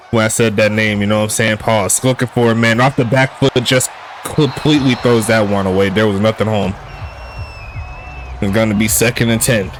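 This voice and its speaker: A man calling a simulated football game play by play in a relaxed streaming style, joking with chat and rising on big plays. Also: lowish voice. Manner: laid-back, laughs at jokey player names, excitable on big plays. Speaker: play-by-play commentator. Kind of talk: casual sim football commentary.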